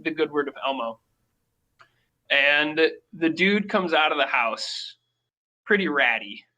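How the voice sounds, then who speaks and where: Man, bright tense voice, higher pitch, casual animated storytelling. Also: slow, dull audio. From Minnesota. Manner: animated storyteller, acts out quoted people. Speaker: podcast guest.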